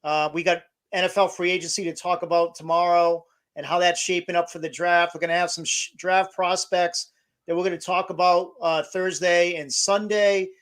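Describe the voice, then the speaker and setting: A man's voice: high voice, little pitch movement, moderate pace, a bit bright. A man co-hosting a casual sports podcast, talking in a rambling way with many fillers and restarts. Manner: rambling, filler-heavy, starts over mid-phrase. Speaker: podcast co-host.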